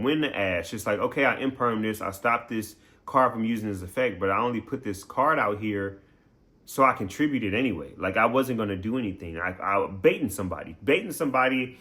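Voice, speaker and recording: In a bright, forceful, mid-range voice, an adult game streamer chats playfully with his audience. It's a casual recap, and he laughs often as he goes.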